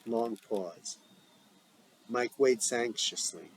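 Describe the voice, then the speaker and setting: Man reading a script aloud with stage directions; plain, deliberate, even. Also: lowish voice, low-quality recording. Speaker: script reader.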